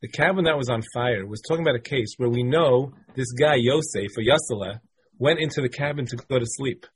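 Speaking fairly quickly in a medium-pitched, slightly rough voice, a man leads a Talmud class. He reads passages aloud, translates them, and works through the explanation step by step, repeating many phrases.

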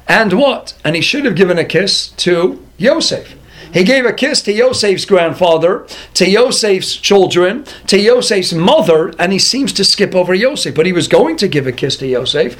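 A man teaching a Torah lecture, asking questions and answering them himself, his voice jumping up in excited peaks. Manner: animated, with excited high-pitched peaks.

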